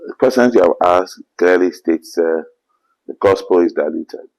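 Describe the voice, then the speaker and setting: A man's voice: low-pitched, moderate pace, a little mellow, poor audio. A man with a Ghanaian accent, an apostle answering interview questions in an earnest preaching manner, often quoting scripture. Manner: earnest, quotes scripture, rising to emphatic bursts.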